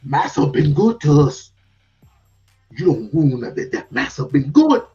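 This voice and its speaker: A man voicing a fawning, obsequious old male servant in a slow, drawling manner, with dull lo-fi sound. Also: fairly high pitch, sing-song, warm tone, husky, heavily acted. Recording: dull lo-fi sound with faint music.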